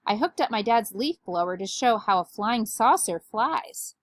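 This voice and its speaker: A woman's voice: on the high side, lively intonation, normal speed, no echo, clean studio sound. A woman voicing an eager young schoolgirl in a storybook.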